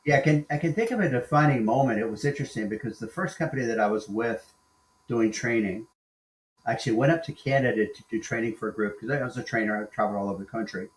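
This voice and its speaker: A man's voice: medium pitch, fast. A man in his sixties, a guest executive coach, talking emphatically and counting off his points in a conversational interview. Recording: roomy echo.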